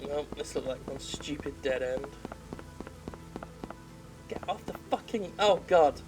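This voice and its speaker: A woman's voice: low voice, expressive, slow pace, over music, rough recording. A woman game critic giving sarcastic, profane commentary while playing. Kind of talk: sarcastic let's-play commentary.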